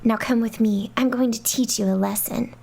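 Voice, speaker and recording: A woman's voice: on the high side, fairly even intonation, moderate pace, vocal fry, darkish tone. A woman voicing a jealous, possessive girl villain in a game dub, speaking in a scolding, menacing way.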